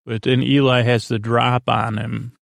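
A man hosting a podcast, retelling an episode's scenes in a halting, rambling way with many fillers and restarts. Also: medium pitch, gravelly, dry recording, clean studio sound. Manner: quick flat retelling of scenes and lines. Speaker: podcast host recapping an episode.

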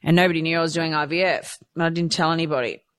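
A woman speaks rapid-fire in a low-pitched, smooth voice. Telling a candid personal story, she's animated throughout and acts out her own thoughts as quotations.

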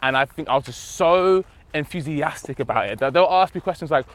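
A man's voice: fairly high pitch, fairly quick. A man telling stories as a podcast guest, acting out the voices of the people he quotes. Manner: animated storyteller, acts out quotes. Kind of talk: casual podcast chat.

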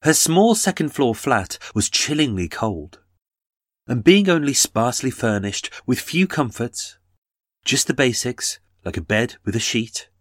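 A man's voice: medium pitch, animated, measured pace, no room sound. A man giving dramatic scripted true-crime narration and dwelling on detail.

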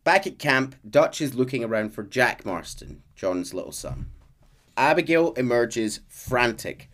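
A man on a podcast, casually retelling a game's plot with lively bursts and fillers. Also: mid-range voice, measured pace. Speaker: podcast host recapping a game story. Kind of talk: casual storytelling recap.

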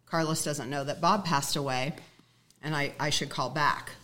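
A woman's voice: low-pitched, steady tone, moderate pace, bright, forceful tone. A woman guest telling a personal story in earnest, acting out the dialogue she quotes.

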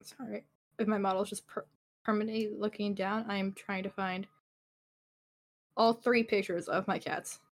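A woman's voice: mid-range voice, fairly even intonation, normal speed, pauses often. A woman chatting casually on a livestream podcast, playful and giggly, often stumbling into restarts. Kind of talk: casual chat.

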